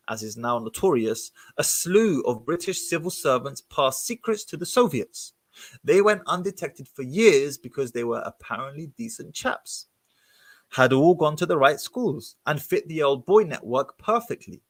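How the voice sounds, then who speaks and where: A man reading passages from a book aloud and breaking off to comment on them in an expressive, animated way. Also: on the high side, no echo.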